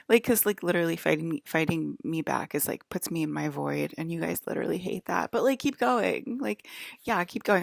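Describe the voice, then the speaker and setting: A woman's voice: lowish voice, moderate pace, vocal fry, dry recording. A woman vlogger talking alone in a rambling, sarcastic way, filling her speech with "like". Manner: sarcastic, heavy use of "like". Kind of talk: rambling solo vlog monologue.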